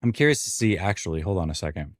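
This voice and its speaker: A man with a lowish voice hosts a casual sports stream and reacts as events unfold. He rambles, repeats himself and tosses in wry asides. The sound is dry and close, with no room echo. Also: expressive, quick pace. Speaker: sports show host.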